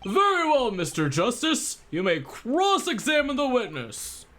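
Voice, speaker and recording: A reader voicing a formal, measured courtroom judge in a game. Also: medium pitch, huge pitch swings, a bit bright, slight background noise.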